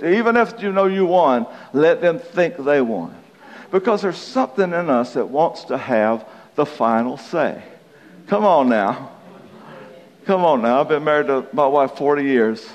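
A man's voice: mid-range voice, dull audio. A man in his sixties preaching a sermon, telling folksy stories and acting out the quotes. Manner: folksy, storytelling, acts out quotes. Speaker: pastor. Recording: long hall reverb.

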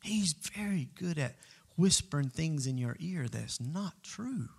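A man preaching a sermon as pastor, emphatic, moving between loud calls to the congregation and quiet asides. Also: fairly high pitch, lively intonation, unhurried, creaky, slightly rough.

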